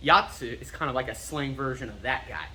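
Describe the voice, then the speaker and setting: An American martial arts instructor explaining terms in a casual teaching style. He is self-confessedly nerdy and repeats words slowly to drill their pronunciation. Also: mid-range voice, pushed and bright, a little hiss or hum. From United States.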